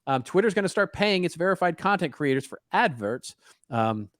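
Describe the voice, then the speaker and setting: A man's voice: a little high, big pitch swings, normal speed, fairly bright tone, no echo, studio quality. A man co-hosting a casual podcast, reading news stories aloud and breaking in with wry asides. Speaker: podcast co-host.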